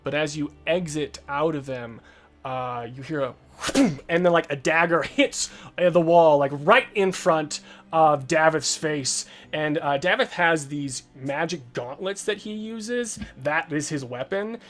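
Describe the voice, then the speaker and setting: A man narrating as game master, slow and halting with many fillers. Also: fairly high pitch, a bit bright.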